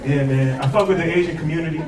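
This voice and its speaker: A young man works a comedy club stage in a high, slangy voice, loose and brash, swearing freely. The sound is roomy and picked up a little from a distance. Loud laughter from a packed crowd rolls in behind him. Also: fast, very noisy. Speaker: stand-up comedian. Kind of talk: stand-up comedy set. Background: audience laughter.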